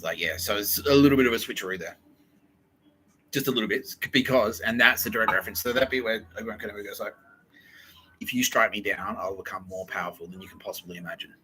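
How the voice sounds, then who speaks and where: A man's voice: on the low side, fast talker, bright, forceful tone, slight background noise, poor audio. A man hosting a podcast in a profane, rambling monologue, laughing and acting out quotes. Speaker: podcast host.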